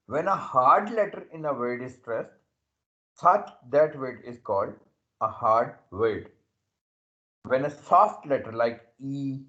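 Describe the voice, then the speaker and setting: A man teaching an English lesson, explaining slowly and repeating himself, often checking in with "okay". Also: mid-range voice, a bit bright, muffled recording. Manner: repetitive, checks understanding with "okay". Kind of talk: slow classroom explanation.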